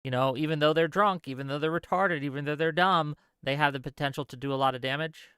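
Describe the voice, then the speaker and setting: A man's voice: fairly high pitch, fairly even intonation, fairly bright tone, clean tone, no echo, clean studio sound. A man hosting a live stream, asking the panel questions and reading out paid messages. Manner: reads paid messages aloud in a brisk run. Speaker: stream host reading donations. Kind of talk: casual live-stream chat.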